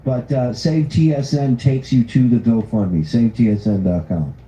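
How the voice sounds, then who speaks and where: A man's voice: medium pitch, moderate pace, dark tone, reverberant, poor audio. A man co-hosting a casual podcast chat, making dry, sarcastic jabs.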